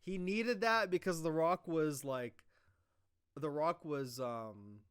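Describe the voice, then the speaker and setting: A man's voice: a little high, takes it slowly, clean tone. A man casually recapping a wrestling show, rambling, swearing and acting out quoted lines. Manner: rambling, profane, animated retelling with quoted lines.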